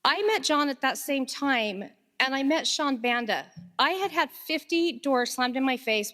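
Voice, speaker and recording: A woman's voice: sits high, lively intonation, measured pace, hardly any pauses, pushed and bright. A woman giving a casual, conversational tribute speech at a memorial. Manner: conversational, with fillers. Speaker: memorial speaker. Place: hall at a memorial service. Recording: long hall reverb.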